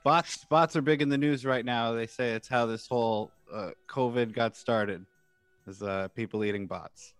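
Podcast dude cracking jokes, smooth clear voice, dry close sound. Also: male voice, mid-range voice, steady tone, moderate pace, no echo, soft background music. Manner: jokey, rambling, slips into silly voices. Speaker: podcast co-host. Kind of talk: casual chat.

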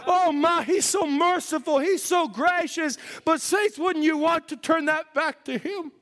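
A man's voice: extremely high pitch, a little slow, a bit bright, big-room sound. A man preaching a fervent sermon to his congregation, reading scripture aloud and exhorting his listeners. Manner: fervent, preachy, quoting scripture in old-style English.

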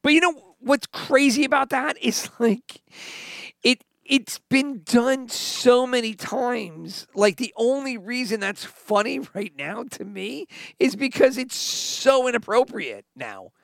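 A man co-hosting a casual podcast chat at home, animated and laughing often as he talks. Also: extremely high pitch, takes it slowly, gravelly, no echo. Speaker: podcast co-host.

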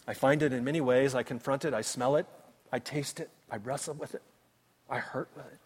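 A man preaching a sermon as pastor, impassioned, swinging between loud cries and hushed tones. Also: medium pitch, fairly even intonation, fairly quick, husky. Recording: long reverb of a large hall.

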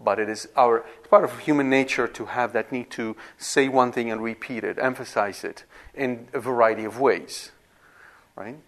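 A man giving a classroom lecture on scripture, at a middle pitch. He explains step by step and stops now and then to make sure the students follow. His delivery is unscripted and conversational, with small restarts. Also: moderate pace, fairly bright tone. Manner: explanatory, repeats himself with frequent "right?" checks and restarts. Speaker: Bible teacher.

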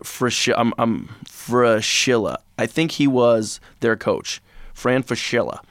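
A man's voice: mid-range voice, lively intonation, takes it slowly, a bit bright, dry recording, clean studio sound. A man co-hosting a sports podcast, chatting casually and rambling through basketball picks and old stats. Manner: rambling, digressive, breaks into goofy impressions. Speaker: podcast co-host.

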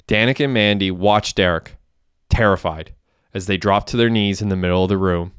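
A man reading a crime story aloud in a plain, steady way. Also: low-pitched, normal speed, clean tone, dry recording, studio quality. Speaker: narrator. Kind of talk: audiobook narration.

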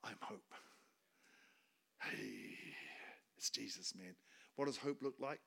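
A man preaching a sermon as a guest speaker, colloquial and emphatic, speaking in short bursts and swinging from quiet talk to loud declarations. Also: mid-range voice, huge pitch swings, a little slow, vocal fry.

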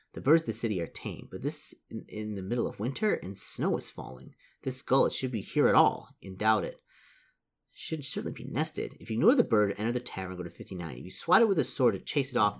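A man casually reading a solo gamebook aloud, stumbling over and correcting words and adding chatty asides. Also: lowish voice. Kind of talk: casual gamebook read-through.

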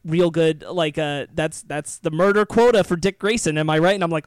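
A man's voice: high-pitched, fairly quick, hardly any pauses, smooth, no room sound. A man co-hosting a casual podcast chat, enthusiastic, laughing often and restarting his sentences. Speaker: podcast co-host.

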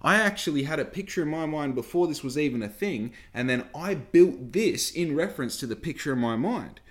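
A young Australian man telling a rambling story in a casual, profane, animated way. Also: fairly high pitch, brisk.

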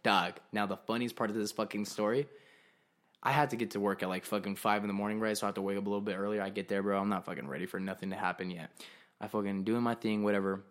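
A man's voice: fairly low pitch, fast. A man hosting a podcast, telling a long story in casual chat, heavy on swearing, acting out what others said. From Arizona. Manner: animated, profane storyteller who acts out quotes. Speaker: podcast host.

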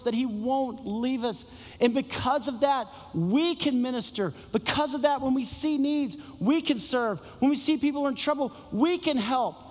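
A man with a notably high voice delivers a sermon in an animated storytelling manner, repeating his key phrases for emphasis. His voice carries a long reverb, as if from a large hall. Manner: storytelling, exclamatory and repetitive. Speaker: pastor.

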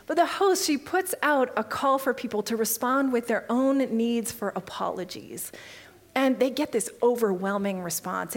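Conversational woman preacher with hushed asides. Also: a little high. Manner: animated, conversational, drops to a hushed near-whisper for emphasis. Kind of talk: conversational sermon.

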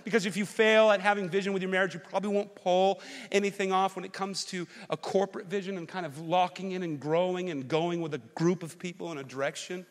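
A man preaching as pastor, telling an animated personal story that swings from loud rants to quiet, earnest reflection. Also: high voice, quick pace, hardly any pauses. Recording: long hall reverb.

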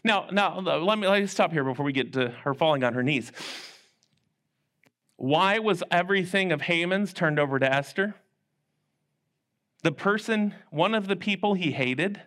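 High-voiced man telling a children's sermon. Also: moderate pace, pauses often. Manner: animated, acts out characters' lines with big pitch swings. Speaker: children's pastor. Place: church.

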